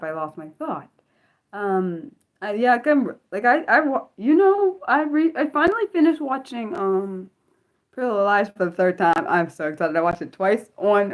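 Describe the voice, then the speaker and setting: Woman, 30s, livestream host, rambling chatty delivery, slightly low pitch. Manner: rambling, jumps between topics, loses her thread. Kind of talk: casual unscripted livestream chat.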